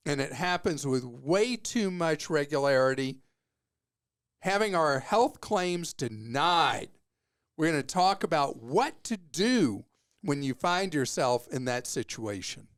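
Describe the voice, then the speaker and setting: A man's voice: a little high, smooth. A man hosting a consumer money radio show, talking in a casual, self-mocking, joking way into a studio microphone.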